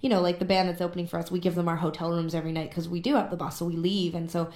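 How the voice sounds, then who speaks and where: A young woman with a somewhat low voice talks quickly through a casual radio interview, full of fillers. The studio room adds clear echo. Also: flat delivery, darkish tone. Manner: chatty, many fillers. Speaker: musician guest.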